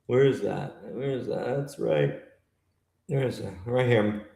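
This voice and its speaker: Slow-talking, cursing man streaming trades. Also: medium pitch, mellow, echoey room. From New York. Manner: profane, griping, talks to chat. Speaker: livestream trader host. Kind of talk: live trading stream commentary.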